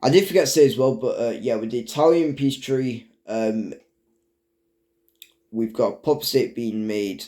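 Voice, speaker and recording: A man narrating a strategy game, halting, with many fillers and restarts. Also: mid-range voice, mellow. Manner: stumbles over words. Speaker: video narrator. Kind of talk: casual game commentary.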